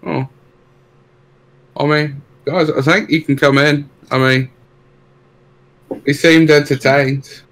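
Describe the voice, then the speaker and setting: A man's voice: on the high side, flat delivery, takes it slowly, pauses often, fairly bright tone. A man playing a tabletop game, hesitant and playful, cracking jokes. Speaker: player. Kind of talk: casual tabletop game play.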